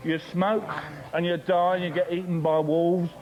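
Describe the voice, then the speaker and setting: A man plays a shopkeeper in a comedy sketch, delivering his lines deadpan and mock-stern. His voice sits high, with loud noise behind. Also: moderate pace, muffled recording.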